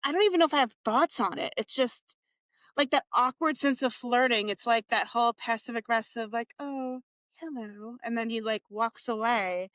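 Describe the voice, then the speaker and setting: A woman's voice: fairly high pitch, fairly quick, fairly bright tone, dry recording. A woman co-hosting a podcast in casual chat, explaining with animation and acting out little quotes. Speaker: podcast co-host.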